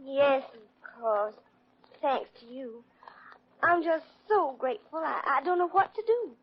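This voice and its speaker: A coy young Southern belle gushes in a high, sugary Southern drawl. The voice comes through a dull old radio recording. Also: female voice, animated, unhurried. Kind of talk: 1940s radio acting.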